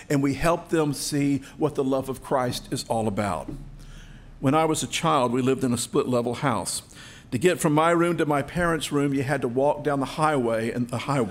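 A middle-aged male pastor preaching a sermon, emphatic and storytelling, with rhetorical questions. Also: a little high.

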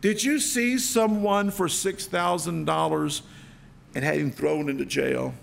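A man voicing a stern, powerful king who demands his money, loud and emphatic. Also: high-pitched, lively intonation, takes it slowly, gravelly, slight background noise, voice pushed up, exaggerated voice.

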